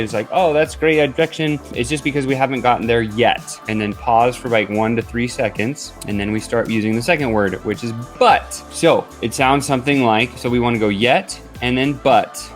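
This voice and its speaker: A man hosting an upbeat sales coaching vlog, talking in an energetic, chatty way with frequent fillers. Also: medium pitch, normal speed, hardly any pauses, soft background music.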